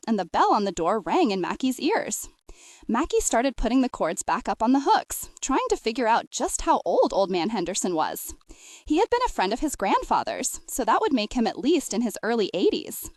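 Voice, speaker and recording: Lively woman narrating an audiobook. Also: a little high, no room sound, clean studio sound. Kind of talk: scripted narration.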